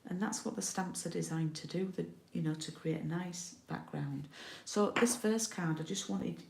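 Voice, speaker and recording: A woman's voice: on the low side, moderate pace, creaky, darkish tone, echoey room. A middle-aged woman from the UK giving a casual card-making tutorial, chatty and often checking in with her viewers.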